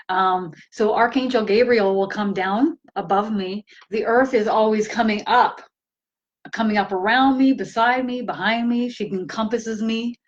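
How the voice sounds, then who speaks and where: A woman medium talking casually on a live stream, chatty, laughing often and filling pauses with ums. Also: medium pitch, dull audio. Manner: slow, chatty, laughs often, many fillers. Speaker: spiritual medium.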